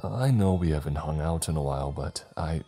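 A man's voice: rumbling low, moderate pace, warm tone, husky, soft background music, heavily acted. A man voicing an awkward teenage boy who stammers and trails off. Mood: nervous.

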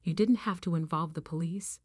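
A woman's voice: lowish voice, fairly quick, a little mellow, breathy edge, no room sound, clean studio sound. A woman voicing a defensive adult man who pleads and demands, in her everyday voice.

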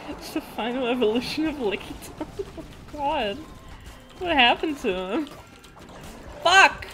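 Bright-voiced woman swearing at a game. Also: high voice, animated, a little slow, long pauses, soft background music. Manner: swears a lot, exclaims at the game. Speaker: streamer. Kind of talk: casual gameplay stream chat.

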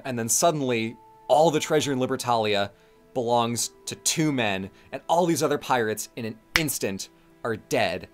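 A man in casual video essay chat, animated and playfully acting out character lines as he recaps a scene. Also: mid-range voice, normal speed, soft background music. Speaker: co-host.

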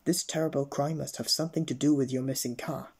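A man's voice: mid-range voice, steady tone, quick pace, a little mellow, slightly rough. A man voicing a firm, reassuring policeman in a children's storybook reading. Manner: firm and confident. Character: steady, reassuring male policeman.

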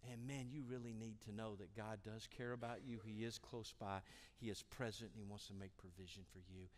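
A male pastor preaching a sermon, repeating his key lines and swinging between loud, forceful calls and hushed, quiet moments. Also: on the low side, fairly even intonation, brisk, in a large hall. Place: church sanctuary.

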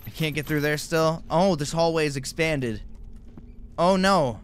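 A man's voice: a little high, unhurried, a little hiss or hum. A man giving nervous, jumpy commentary while playing a horror game, with frequent exclamations. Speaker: gaming YouTuber.

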